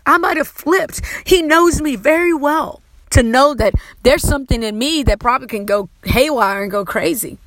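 A woman's voice: fairly high pitch, a bit bright, dry recording, low-quality recording. A middle-aged woman preacher giving an emotional, fervent testimony sermon, holding back tears at times.

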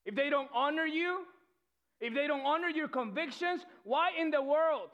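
A male pastor preaching a sermon with energy, often repeating words and swinging between loud and soft. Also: very high voice, normal speed. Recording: dull lo-fi sound.

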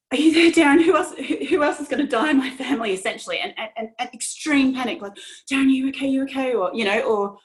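A woman in her thirties speaking earnestly and emotionally about her own experiences, with many restarts. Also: mid-range voice. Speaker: podcast guest. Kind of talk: personal conversation.

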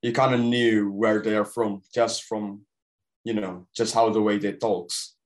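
A man's voice: lowish voice, little pitch movement, measured pace, low-quality recording. A young man from Indonesia, his Indonesian-accented English drifting toward British, co-hosting a casual podcast chat and rambling with lots of "like". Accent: Indonesian-accented English shifting toward British. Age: young adult. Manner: rambling, heavy use of "like". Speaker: podcast co-host.

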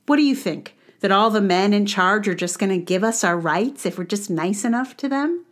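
A woman's voice: medium pitch, lively intonation, moderate pace, hardly any pauses, a bit bright. Woman ranting about a book, sarcastic and fired up, then chatty with lots of likes and ums. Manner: wry, conversational with fillers. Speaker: podcast host reviewing a book. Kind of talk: casual monologue.

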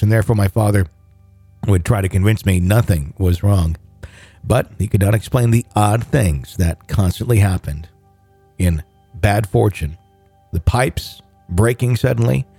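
A man reading a listener's ghost story aloud in a measured, steady way, then chatting about it as host. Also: on the low side, no echo. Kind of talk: read-aloud narration and casual chat.

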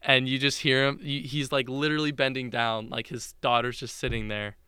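Young guy in casual chat, rambling storyteller, bright tone, dry sound. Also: mid-range voice, level tone, fairly quick, clean tone, dry recording. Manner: rambling, filler-heavy retelling with restarts.

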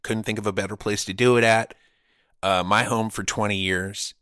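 A man's voice: fairly low pitch, fairly even intonation, moderate pace, sharp tone, clean tone, dry recording, studio quality. A man co-hosting a podcast in casual chat, playful and jokey. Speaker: podcast co-host.

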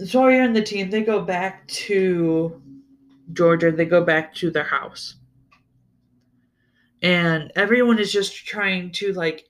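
Solo book podcaster: unhurried delivery, mid-range voice, excitable and foul-mouthed, trips over words and restarts. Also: mid-range voice. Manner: enthusiastic, swears freely, stumbles and restarts. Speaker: podcast host reviewing a book series. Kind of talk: casual solo book-review chat.

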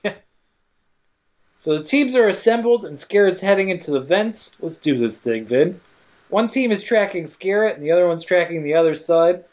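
Man, high pitch, loose crude podcast banter, quick asides. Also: darkish tone. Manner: jokey, crude, acts out characters in quick asides. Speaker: podcast co-host recapping a film. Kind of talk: casual comedic chat.

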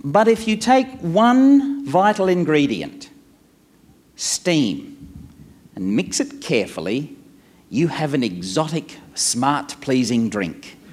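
A man's voice: a little high, takes it slowly. A man giving a talk at a conference, telling a playful story and acting out the dialogue. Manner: animated, playful storyteller who acts out dialogue. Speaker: motivational speaker. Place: live conference presentation.

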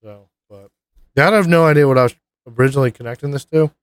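A man's voice: medium pitch, quick pace, clear, resonant tone, dry recording. A man co-hosting a casual podcast, rambling with lots of fillers and swearing. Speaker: podcast co-host. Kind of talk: casual profane chat.

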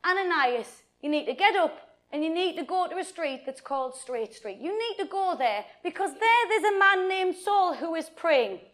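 A woman's voice: extremely high pitch, animated, moderate pace, fairly bright tone. A woman voicing God as a male voice giving firm, direct instructions in a children's Bible story. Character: God speaking to a disciple, male, commanding.

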